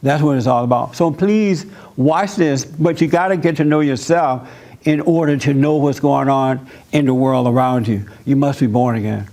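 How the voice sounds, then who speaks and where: A man's voice: mid-range voice, moderate pace, warm tone. A man pastor giving a conversational church sermon, speaking emphatically and laughing between points.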